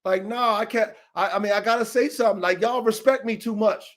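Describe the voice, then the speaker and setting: Podcast host, male, high-pitched, profane and confrontational, heated casual rant. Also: steady tone, fairly quick. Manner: profane, confrontational, repetitive, calls out names.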